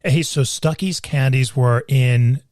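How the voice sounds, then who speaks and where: A man's voice: mid-range voice, slow pace, darkish tone, no room sound, studio quality. A man from New York hosting a casual interview, jokey and teasing, often restarting his sentences. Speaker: podcast host.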